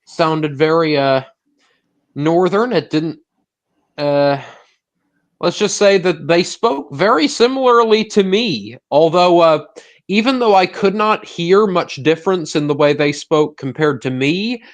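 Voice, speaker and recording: A man's voice: a little high, lively intonation, unhurried. A man from the United States chatting casually in a rambling way, full of "uh" fillers. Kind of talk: casual chat.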